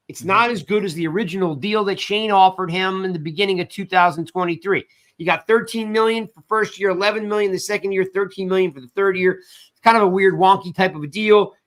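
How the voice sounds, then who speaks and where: A man hosting a casual sports talk livestream, talking in an animated way and greeting viewers in the chat. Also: sits high, brisk. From South Jersey. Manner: animated, reads chat shout-outs. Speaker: podcast host.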